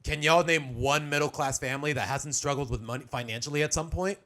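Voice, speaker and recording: A man's voice: fairly high pitch, a little fast, fairly bright tone. A young adult man chatting casually on a live stream as he reacts to a video, rambling with restarts and slang.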